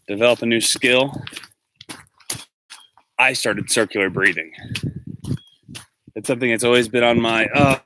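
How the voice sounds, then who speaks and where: A man's voice: medium pitch, pushed and bright. A man casually chatting with viewers while walking outdoors, rambling from topic to topic and answering them by name. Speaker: livestream host and musician. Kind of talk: casual chat on a walk. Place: outdoors, walking through a neighborhood. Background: faint street noise, dogs barking in the distance.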